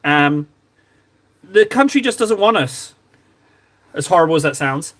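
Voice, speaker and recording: A man's voice: fairly high pitch, animated, a little slow, a bit bright, dry recording. An English man streaming and chatting casually with his viewers, self-deprecating and easygoing. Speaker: streamer chatting with viewers while painting miniatures. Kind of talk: casual chat.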